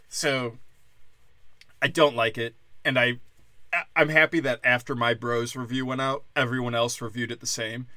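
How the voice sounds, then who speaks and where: Young guy from wisconsin doing a crude comedy podcast rant, sharp tense voice, mocking, gets loud then drops low. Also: steady tone, brisk, no echo. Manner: brash, crude, mocking, loud swings in volume. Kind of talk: profane ranting monologue.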